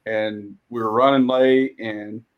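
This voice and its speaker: A man who is a guest on a podcast, organizing a local tractor pull, chatting casually and telling stories in a relaxed way. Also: fairly low pitch, takes it slowly, highs cut off. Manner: storytelling, relaxed, animated when telling stories. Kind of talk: casual chat.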